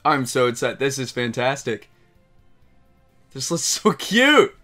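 A young man doing a live reaction, excitable and breaking into shouts. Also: medium pitch, slow. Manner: excitable, shouts and laughs in bursts. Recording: faint music in the background.

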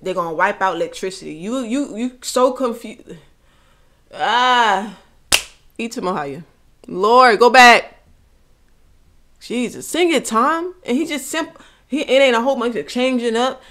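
A woman's voice: medium pitch, a bit bright, a little hiss or hum. A woman hosting a reaction video, talking emotionally and exclaiming back at the song. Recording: music playing behind.

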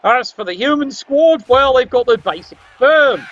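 A man's voice: very high-pitched, expressive, moderate pace, fairly bright tone, lo-fi sound, a little hiss or hum. A man commentating a tabletop sports game with wry, sarcastic asides.

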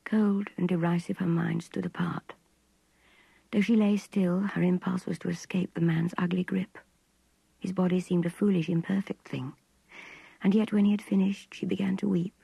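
Hushed older woman reading a novel. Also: fairly low pitch, flat delivery, gravelly, slightly rough, no echo, poor audio. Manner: hushed, intimate, measured. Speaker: reader. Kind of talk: literary audiobook narration.

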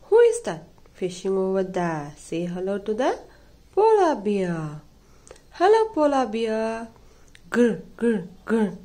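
A woman reads a children's picture book aloud, sing-song and playful, imitating animal sounds. Her medium-pitched voice is warm, takes it slowly and swings hugely in pitch.

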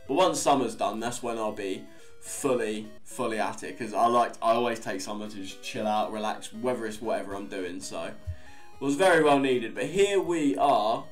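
A man's voice: fairly low pitch, moderate pace. A young man giving casual, rambling commentary on a game he is playing, swearing now and then. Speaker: Let's Play host. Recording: faint guitar music behind.

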